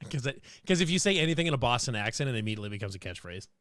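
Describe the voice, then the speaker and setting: A man's voice: mid-range voice, a bit bright, dry recording, studio quality. A man co-hosting a casual streamed chat, rambling and giggling, often repeating himself. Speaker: co-host.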